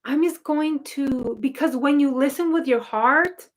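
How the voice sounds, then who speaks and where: A woman's voice: high-pitched, unhurried. A woman who works as a spiritual coach, talking casually and rambling with many fillers and restarts as she answers viewer questions. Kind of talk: casual talk to camera.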